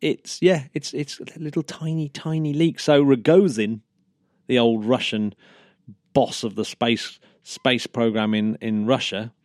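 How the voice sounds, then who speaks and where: A man co-hosting a casual news podcast, talking in a chatty, easy way with frequent laughs and restarts. His voice sits at an average pitch for a man. It is recorded close and dry, with no room sound. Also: steady tone, unhurried, a little mellow, dry recording. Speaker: podcast co-host.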